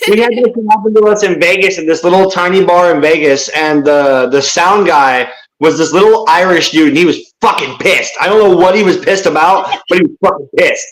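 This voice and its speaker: A man's voice: sits high, fairly quick, a bit bright, echoey room, rough recording. A male guest, a singer and concert correspondent, chatting casually and telling rambling, profane stories. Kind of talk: casual chat.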